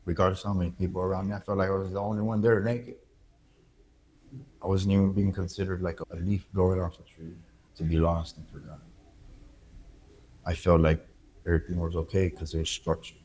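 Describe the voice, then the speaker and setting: A man speaks as an interview guest. He tells his story candidly, halting now and then as he reflects. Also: low-pitched, steady tone, a little mellow, slight background noise. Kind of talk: emotional personal interview.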